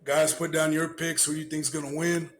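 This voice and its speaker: A man's voice: fairly high pitch, level tone, moderate pace, a little hiss or hum, rough recording. A man hosting a casual podcast, ranting in a heated, profane way and repeating himself. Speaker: podcast host.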